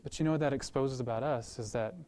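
A male pastor preaching a sermon in a conversational way, telling a story with lively acted-out voices and repeating words as he restarts, then praying. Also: medium pitch, fast. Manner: animated storytelling, acts out quoted voices.

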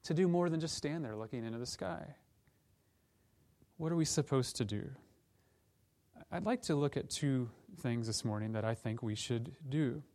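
A man's voice: medium pitch, moderate pace, pauses often, darkish tone. A man preaching a conversational Advent-season sermon as pastor, acting out quoted lines from the scripture story. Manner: conversational, plays out quoted voices of disciples and angels.

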